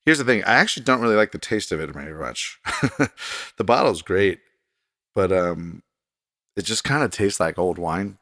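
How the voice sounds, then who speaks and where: A man's voice: low voice, animated, moderate pace, pauses often, pushed and bright, dry recording, studio quality. A man hosting his own podcast alone at his desk at home, talking in a rambling, self-deprecating way. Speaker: podcast host. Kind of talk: casual solo podcast monologue. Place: desk in a home recording room.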